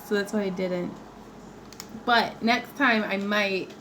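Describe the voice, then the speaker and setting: A woman's voice: mid-range voice, fairly even intonation, slow pace, fairly bright tone, a little hiss or hum, poor audio. A woman hosting a craft livestream from her home workspace, chatting playfully and laughing often as she works. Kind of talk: chatty livestream while working.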